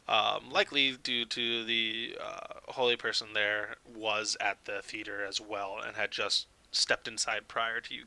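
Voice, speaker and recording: Man, dungeon master, gravelly, sharp bright tone, smooth resonant voice, dry close mic. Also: mid-range voice, no echo, rough recording. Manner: casual, filler-heavy narration with frequent laughs. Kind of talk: narrating a tabletop game.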